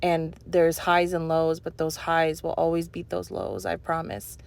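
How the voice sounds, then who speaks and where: A woman's voice: deep voice, flat delivery, unhurried, gravelly. A young woman talking over her cleaning vlog in an earnest, rambling way, full of "you know" fillers. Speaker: cleaning vlogger. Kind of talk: heartfelt voice-over chat.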